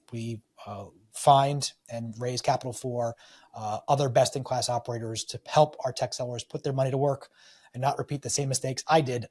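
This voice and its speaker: A man guesting on a podcast, telling his story in a lively, rambling way. His voice sits at an ordinary middle pitch, and he briefly acts out the people he quotes along the way. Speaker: podcast guest, real estate investor and tech salesman. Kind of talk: casual storytelling interview.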